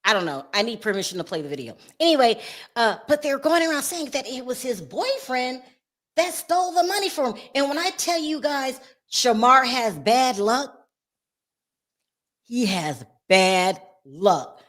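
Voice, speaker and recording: High-voiced woman hosting a gossip chat. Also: fairly quick. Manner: animated, laughs often, talks straight to viewers. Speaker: show host.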